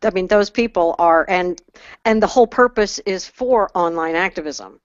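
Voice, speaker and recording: A woman co-hosting a podcast in casual chat, giggly and animated. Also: fairly low pitch, moderate pace, dry recording, highs cut off. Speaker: podcast co-host.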